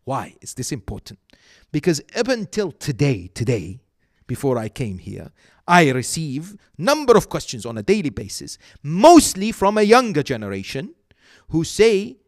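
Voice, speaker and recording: Higher-voiced man giving a religious lecture. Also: huge pitch swings, moderate pace, dry recording, clean studio sound. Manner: asks rhetorical check-ins, shifts voice for quoted people. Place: Islamic centre hall.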